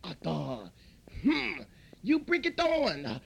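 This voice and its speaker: A man's voice: sits high, wildly swooping pitch, slow, vocal fry, fairly bright tone, slightly rough, full character voice. A man voicing a hot-tempered young male restaurant worker who sputters broken, angry threats. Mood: furious, sputtering.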